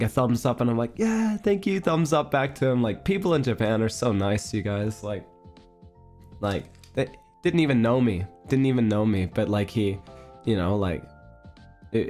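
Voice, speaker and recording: A man's voice: mid-range voice, a little mellow. Rambling man chatting on stream. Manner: rambling, filler-heavy, giggly storytelling. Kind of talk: casual chat stream.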